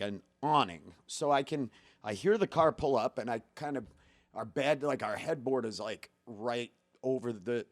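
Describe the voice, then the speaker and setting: A man, a guest comedian, telling a story in casual podcast talk, animated and profane, often laughing mid-story. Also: mid-range voice, dry recording.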